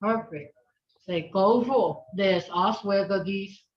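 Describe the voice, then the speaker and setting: Slow, patient woman teaching a language. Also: mid-range voice. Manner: patient, slow, repeats words for the learner. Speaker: language instructor. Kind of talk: online language lesson with call and response. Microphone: video call. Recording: dull lo-fi video call audio.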